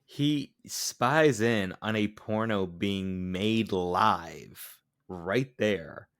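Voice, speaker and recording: A man's voice: fairly low pitch, very slow, fairly bright tone. A young man co-hosting a casual film review podcast, joking and laughing often. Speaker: podcast co-host.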